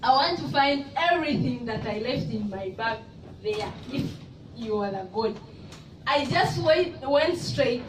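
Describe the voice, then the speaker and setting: A woman giving an earnest, soft-spoken testimony at a church service. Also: fairly high pitch, animated, measured pace. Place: church hall in Abu Dhabi. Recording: echoey hall, mic far off, noisy.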